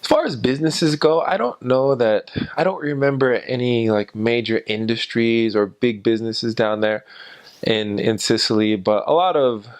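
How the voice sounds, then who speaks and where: An American man, a former missionary, telling anecdotes in a halting way with many fillers. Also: medium pitch. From United States. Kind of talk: personal anecdotes in an interview.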